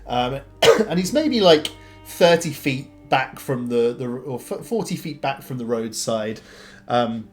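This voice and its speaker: A man narrating as game master of a tabletop game in a relaxed, rambling way. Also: medium pitch, a little slow, faint music behind.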